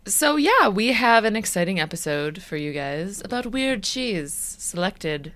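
A woman's voice: mid-range voice, sing-song, a little slow, a bit bright. A woman co-hosting a podcast, trading playful, jokey banter in casual chat. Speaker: podcast co-host.

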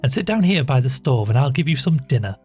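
A man reading aloud and voicing a warm-hearted but stiff country hostess, speaking kindly and slowly. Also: a bass voice, big pitch swings, faint music behind. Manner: kindly, slow, constrained.

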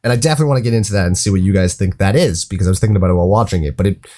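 A man's voice: low-pitched, very fast, mellow. A man co-hosting a casual movie podcast, giving his thoughts in a rambling, hesitant way full of restarts and filler. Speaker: podcast co-host.

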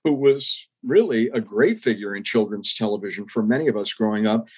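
An older man recounting his career in an interview, his voice a little husky at mid pitch. He speaks earnestly and reflectively, lifting into emphatic rises. The recording sounds slightly muffled and lo-fi. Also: animated, a little fast. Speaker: interview guest, former public TV executive. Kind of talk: storytelling interview.

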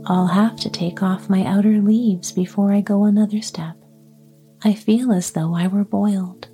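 A woman's voice: mid-range voice, fairly even intonation, moderate pace, mellow, faint music behind, lightly acted. A woman voicing stout, out-of-breath talking cabbages in a whispered role-play storybook reading. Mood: breathless.

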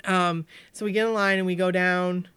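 A woman's voice: on the low side, normal speed, smooth, no echo. A woman from Maine telling a story in casual chat. She acts out what people said and fills her talk with "like". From Maine, USA. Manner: animated, acts out quoted voices, many "like" fillers.

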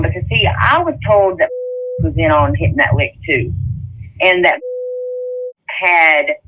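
A middle-aged woman with a drawl tells a long story in loose, halting bursts, doubling back as she goes. Her voice has a bright, sharp edge. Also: on the low side, rough recording. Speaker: interviewee. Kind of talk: casual spoken recounting.

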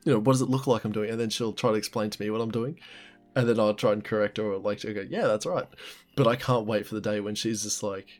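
A man's voice: lowish voice, fairly even intonation, fast, soft background music. A man, co-hosting a casual podcast in a chatty, self-deprecating way. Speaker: podcast co-host. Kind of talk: casual chat.

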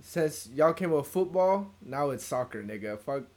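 A man's voice: fairly high pitch, expressive, moderate pace, darkish tone. A young man co-hosting a podcast, talking in laid-back slangy banter and laughing often. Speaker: podcast co-host. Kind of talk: casual chat. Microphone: podcast mic.

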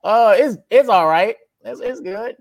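A young man with a Louisiana accent, an aspiring rapper, chats casually in an interview, laid-back and drawling, often calling the listener "man" or "brother". His high voice is unhurried with some vocal fry, and there's no echo.

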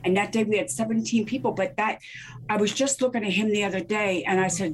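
A woman's voice: mid-range voice, quick pace, a little hiss or hum. A middle-aged woman sharing her testimony in a casual talk-show chat, telling stories with energy and acting out the voices of other people. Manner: animated storyteller who acts out the voices of others. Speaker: guest minister.

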